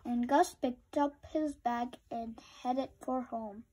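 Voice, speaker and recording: A woman reading a children's picture book aloud with slow, expressive storytelling. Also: fairly high pitch, husky, low-quality recording.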